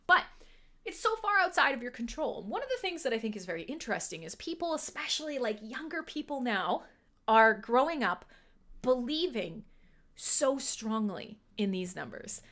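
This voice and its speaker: A woman chats on a casual livestream, her voice bright and ringing. She talks in a lively, swooping way and laughs often. She drops in a casual swear now and then. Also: a little high. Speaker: livestream host.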